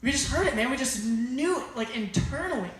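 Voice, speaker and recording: A man's voice: very high voice, lively intonation, fairly quick, fairly bright tone, slight background noise. A young man preaching a youth sermon in a casual, storytelling way full of slang, recorded on a phone camera from far off. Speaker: youth pastor. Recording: very echoey, distant phone recording.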